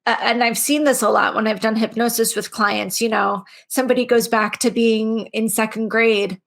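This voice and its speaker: Steady, emphatic woman with a higher voice. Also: normal speed, gravelly. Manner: steady, emphatic, explaining in lists. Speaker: podcast host and trauma coach. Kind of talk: casual conversation.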